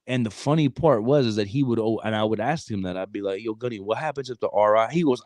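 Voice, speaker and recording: A man in his thirties co-hosting a podcast, telling a story in animated, slang-heavy casual chat. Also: lowish voice, a little fast, no room sound, studio quality. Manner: animated, streetwise slang, frequent "bro". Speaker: podcast co-host.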